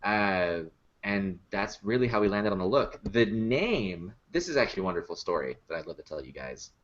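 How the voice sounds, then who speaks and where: A man who builds and performs puppets tells stories in a casual podcast chat, laughing easily and using many fillers. His voice is fairly low and sing-song at normal speed, and the recording is muffled.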